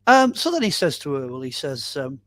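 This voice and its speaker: A man being interviewed as a guest, telling a long story in a casual, animated way with frequent "um"s and "you know"s. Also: mid-range voice, a little fast, no echo. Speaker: guest storyteller on a paranormal podcast.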